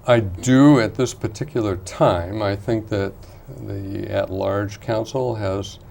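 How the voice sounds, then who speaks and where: A man speaks as an interview guest in a low, gravelly voice, slow and deliberate as he weighs pros and cons. A faint hiss sits under the recording. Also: darkish tone. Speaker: guest, retired professor and former mayor. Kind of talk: studio interview.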